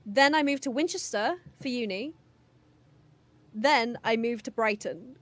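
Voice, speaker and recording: A woman's voice: a little high, unhurried, no room sound. A young woman from the West Midlands with a mixed English accent, chatting casually on a podcast and laughing often. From West Midlands, England. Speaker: podcast guest. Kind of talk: casual chat.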